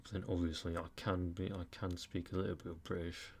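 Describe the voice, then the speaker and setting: A man's voice: low voice, flat delivery, a little fast, a little mellow, slight background noise. A Norwegian man with an American-leaning accent chatting casually to viewers on a live stream, rambling with lots of fillers. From Norway.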